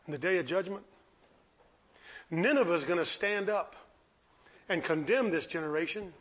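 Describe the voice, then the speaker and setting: A man's voice: high voice, a bit bright. A man preaching a sermon, impassioned and pleading, firing off rhetorical questions.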